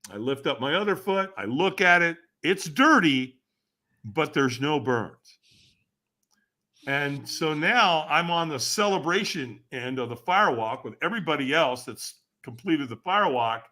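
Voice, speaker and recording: Animated male podcast guest telling a story. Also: on the high side, moderate pace. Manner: animated, acts out quoted voices with sudden shouts; asks the listener rhetorical questions. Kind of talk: personal storytelling in a podcast interview.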